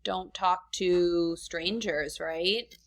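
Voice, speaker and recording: A woman's voice: fairly low pitch, steady tone, extremely slow. A woman teacher reading a storybook lesson aloud to children, stopping to ask the class questions. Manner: friendly, asks the class questions.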